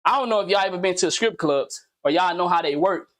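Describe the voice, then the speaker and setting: A man's voice: high-pitched, quick pace, a bit bright. A man hosting his own commentary video, talking casually and animatedly in slang, repeating himself and firing off pointed questions. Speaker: commentary channel host.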